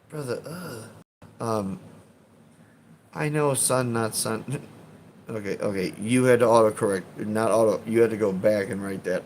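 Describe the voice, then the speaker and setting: Streaming live, a man from Chicago reads through comments with plenty of swearing, rambling and frequent laughter in a casual chat. He speaks at medium pitch with a slightly mellow quality, and there's a bit of background noise.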